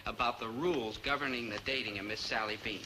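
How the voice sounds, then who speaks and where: A man's voice: medium pitch, steady tone, quick pace, a loud crowd, lightly acted, rough recording. An actor playing a lovesick, scheming young man who wheedles his friend and speaks to the audience. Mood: wheedling. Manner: earnest, wheedling, talks to the audience. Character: lovesick earnest teen boy, scheming. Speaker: lead character and narrator. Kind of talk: 1960s sitcom acting. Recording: old TV soundtrack with music.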